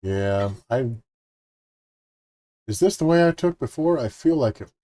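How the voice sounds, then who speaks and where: Male co-host, mid pitch, relaxed wisecracking chat. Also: unhurried. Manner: jokey, wry asides. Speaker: co-host playing the game. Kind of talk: casual gaming chat.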